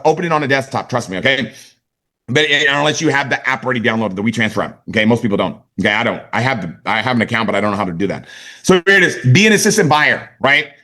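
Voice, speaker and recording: Energetic guy running a sales training, fast talker, keeps checking everyone's following along. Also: medium pitch. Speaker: network marketing sales trainer. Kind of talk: motivational training talk.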